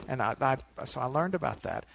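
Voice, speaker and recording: Gravelly man telling a teaching story. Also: mid-range voice, fairly quick, slight background noise. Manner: relaxed storyteller with asides to listeners. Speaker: meditation teacher. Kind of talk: dharma talk with personal storytelling.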